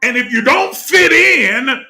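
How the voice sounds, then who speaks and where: Male preacher, high and gravelly, unhurried, builds to shouts with repeated phrases, soft music behind. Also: animated. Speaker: teacher of a spiritual group. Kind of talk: fervent spiritual teaching.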